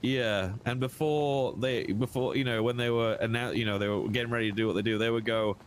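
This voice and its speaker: A man's voice: medium pitch, steady tone, fairly quick, a little hiss or hum. A man in a role-play game, talking bluntly and casually in character and swearing freely.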